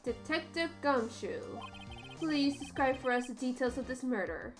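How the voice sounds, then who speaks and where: A woman voicing a male judge who speaks in a formal, measured way. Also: high-pitched, expressive, music in the background.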